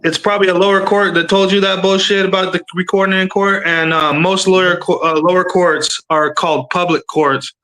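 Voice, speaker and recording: A man with a fairly high, very bright and forceful voice rants on a video-call livestream. He rambles, stacks filler words and swears freely in loose casual chat. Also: level tone, brisk, hardly any pauses, poor audio. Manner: rambling, profane, many fillers. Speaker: panel commentator.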